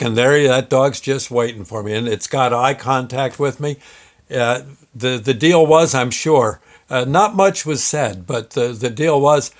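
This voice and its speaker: A man hosting his own show, telling a personal story in a rambling, folksy way with many fillers and restarts. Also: mid-range voice. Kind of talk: casual storytelling.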